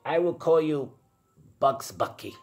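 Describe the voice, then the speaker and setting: A man voicing a gruff, stern male Ewok war chief with a raspy voice and clipped, broken speech. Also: fairly high pitch, lively intonation, a little slow, soft background music, pitched above the performer's own voice. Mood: solemn.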